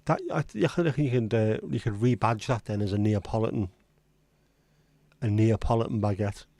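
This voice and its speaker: Male livestream host, rambling and blunt, mellow low voice, dry close sound. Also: moderate pace, no room sound. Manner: rambling, chatty, blunt with occasional swearing. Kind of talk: casual livestream chat.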